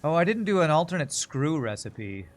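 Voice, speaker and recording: Speaking a little high in a sing-song way at normal speed, a man rambles through casual live-stream commentary as he plays. He thinks out loud and pokes fun at himself.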